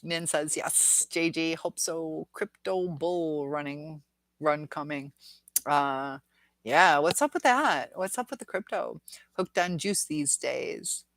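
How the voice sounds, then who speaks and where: A woman's voice: deep voice, takes it slowly, a bit bright, no room sound. A woman hosting a casual live stream, reading viewer comments aloud in a rambling, chatty way and laughing often. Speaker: livestream host reading viewer chat.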